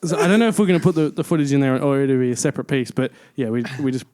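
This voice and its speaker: A man's voice: medium pitch, rapid-fire, heavy background noise. A man hosting a casual podcast interview, teasing his guest and laughing often.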